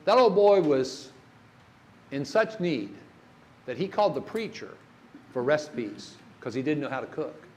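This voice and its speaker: A man's voice: fairly high pitch, big pitch swings, unhurried, long pauses, slight background noise. Folksy grief-workshop speaker, older man. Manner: folksy storytelling, asks the audience questions. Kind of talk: church workshop talk.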